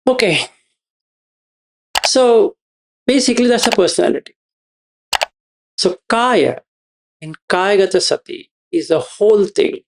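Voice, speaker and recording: Slow gravelly male teacher. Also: high voice, lively intonation, background noise. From India. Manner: slow, repetitive explaining with questions to listeners. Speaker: meditation teacher. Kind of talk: dharma talk to students.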